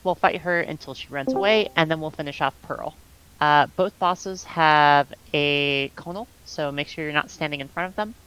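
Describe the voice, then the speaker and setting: A woman explaining game tactics over voice chat as raid leader, calm and instructive, with many ums, on a headset. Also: sits low, clear, resonant tone, poor audio.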